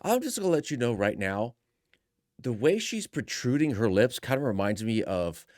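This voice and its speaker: A man's voice: mid-range voice, big pitch swings, normal speed, darkish tone, no room sound, studio quality. A man hosting reaction commentary, speaking in a sarcastic, mocking way. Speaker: commentary host.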